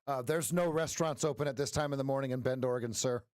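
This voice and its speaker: A man's voice: mid-range voice, quick pace, a little mellow, no room sound, clean studio sound. A man hosting a live trading stream, chatting casually and joking with viewers, laughing often.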